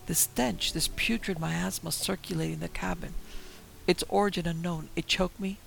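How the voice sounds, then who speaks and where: A man giving tense, measured first-person horror story narration. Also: high-pitched, fairly even intonation, gravelly, a bit bright, a little hiss or hum, low-quality recording.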